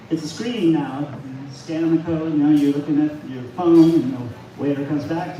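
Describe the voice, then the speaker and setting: A man doing a halting, self-deprecating stand-up set at an open mic in a bar. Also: on the high side, a little mellow. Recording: echoey venue from far off, noisy.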